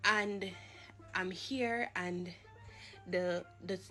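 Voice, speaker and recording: A Jamaican woman tells a personal faith testimony in a somewhat low voice. She speaks earnestly and haltingly, with pauses and restarts. Quiet music sits faintly behind her. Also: steady tone. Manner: earnest, halting, with fillers and repeats.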